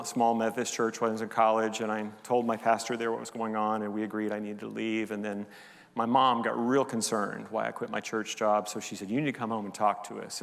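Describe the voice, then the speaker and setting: An older man, a pastor, preaching a sermon as a candid, heartfelt personal testimony. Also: medium pitch. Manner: candid storytelling, confessional and heartfelt. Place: church sanctuary. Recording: long hall reverb.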